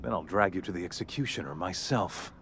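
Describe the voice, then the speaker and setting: A man's voice: sits low, a little fast, fairly bright tone, a little hiss or hum. An actor playing a pompous, ruthless corporate chairman villain in a video game, haughty and sneering, swearing coldly. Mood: contemptuous.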